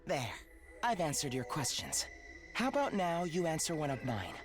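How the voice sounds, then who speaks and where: A low, slow, taunting game character with swooping delivery, game music loud behind. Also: female voice, big pitch swings. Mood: cold.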